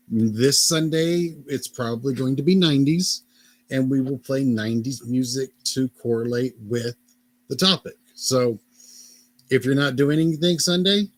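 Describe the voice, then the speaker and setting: A man co-hosting a podcast in a relaxed, teasing, casual way. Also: medium pitch, no echo. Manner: teasing, laid-back. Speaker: podcast co-host.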